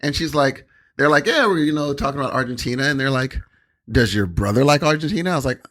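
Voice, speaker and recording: A young man co-hosting a podcast in casual chat. He tells stories in a rambling way, full of fillers, and his pitch swings widely as he slips into quoted voices. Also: lively intonation, fast talker, a bit bright. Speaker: podcast co-host.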